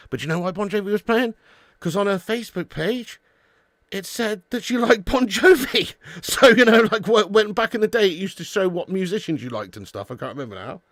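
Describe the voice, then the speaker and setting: A man's voice: mid-range voice, no echo. A man hosting a live football watch-along, chatting casually with viewers and calling them mate and lad. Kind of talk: casual live-stream chat.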